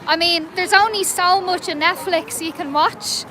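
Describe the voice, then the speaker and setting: A woman's voice: very high-pitched, moderate pace, sharp tone, poor audio. An Irish woman talking outdoors to her livestream viewers, urgent and rhetorical, often repeating her questions. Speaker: street protester livestreaming. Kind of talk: impassioned livestream address to viewers. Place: outdoors on a city street. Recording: street noise and traffic behind.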